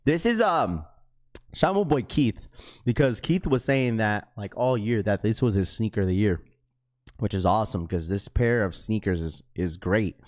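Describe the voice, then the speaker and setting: Excitable young man livestreaming to chat. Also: lowish voice, normal speed. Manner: excitable, slangy, keeps repeating himself to chat. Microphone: webcam setup.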